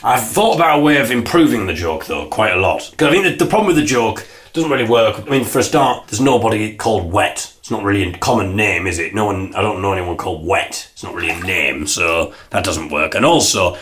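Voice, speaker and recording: A man hosting a comedy podcast, delivering a deadpan, self-important comic monologue while sitting in the bath. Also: fairly low pitch. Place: bathroom, in the bath.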